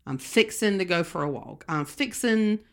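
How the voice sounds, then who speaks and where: Southern woman podcast co-host, low voice with lively swings, teasing and giggly. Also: moderate pace. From American South. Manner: playful, laughs often, drawls slang phrases. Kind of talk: casual chat.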